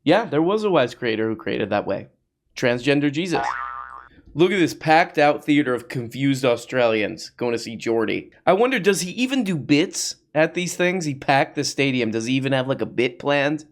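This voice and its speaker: On his comedy podcast, a man speaks at medium pitch and normal speed, his pitch swinging widely as he mocks social media posts. Sarcastic asides and exaggerated voices fill his riffing commentary.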